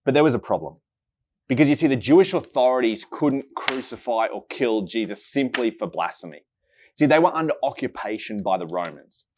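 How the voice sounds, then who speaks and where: A man preaching a sermon as dramatic storytelling, slowing and going soft on the heavy moments. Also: medium pitch, slight background noise. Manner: slows down and drops soft for emphasis.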